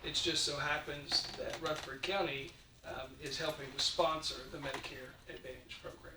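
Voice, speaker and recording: A man's voice: on the high side, steady tone, normal speed. A man speaking as an insurance consultant, explaining plainly at a public meeting with frequent ums and uhs. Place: county meeting room. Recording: echoey room, distant mic, faint noise.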